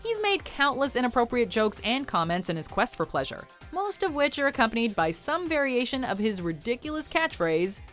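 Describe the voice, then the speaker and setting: A woman's voice: a little high, very animated, a little fast, hardly any pauses, fairly bright tone, faint music behind. A woman narrating a scripted countdown video with wry, playful commentary.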